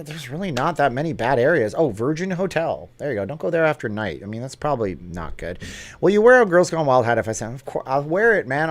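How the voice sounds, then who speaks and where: A man hosting a casual live stream, chatting and joking as he answers viewer comments off the cuff. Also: a little high.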